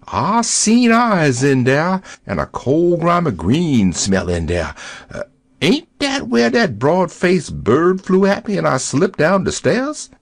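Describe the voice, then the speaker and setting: Man voicing a scared superstitious servant, husky, slow drawl, wildly swooping pitch. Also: wildly swooping pitch, no echo, clean studio sound, full character voice. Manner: drawling rural dialect, pleading. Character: jittery frightened male servant, superstitious. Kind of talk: audio drama acting.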